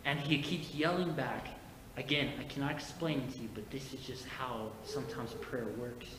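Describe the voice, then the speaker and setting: A man preaching a sermon as pastor, moving from quiet personal storytelling to emphatic preaching. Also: mid-range voice, normal speed. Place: church sanctuary. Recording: echoey church hall with faint noise.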